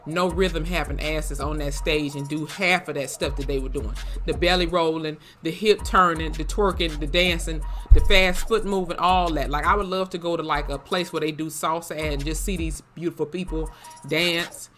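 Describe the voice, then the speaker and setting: A YouTube host chatting casually in a reaction vlog, slangy, profane and animated. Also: medium pitch, moderate pace, soft background music.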